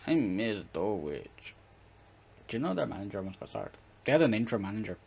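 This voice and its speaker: A man commentating live on his football-management game, chatting to viewers and shouting and swearing at the match as it plays. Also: lowish voice, very animated, a little fast, vocal fry, slightly rough. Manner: talks to viewers, chatty and rambling. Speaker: gaming YouTuber.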